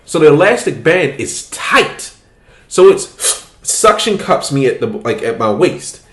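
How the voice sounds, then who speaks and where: A man's voice: fairly high pitch, big pitch swings, a little slow, a bit bright, reverberant. A man hosting a podcast, telling a story in casual, profane chat and laughing as he goes. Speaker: podcast host.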